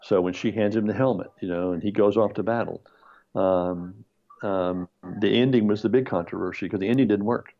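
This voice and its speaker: A man's voice: on the low side, brisk, dull audio. A man telling a long anecdote as a screenwriter guest in a conversational interview, acting out the voices of people he quotes. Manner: animated storyteller, acts out quoted voices, laughs often.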